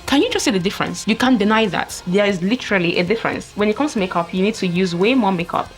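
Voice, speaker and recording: A woman's voice: mid-range voice, lively intonation, fast, soft background music. A woman vlogger talking through a mascara tutorial step by step, chatty and exclaiming often. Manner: chatty, narrates each step with frequent exclamations. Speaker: makeup vlogger. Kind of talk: casual makeup tutorial.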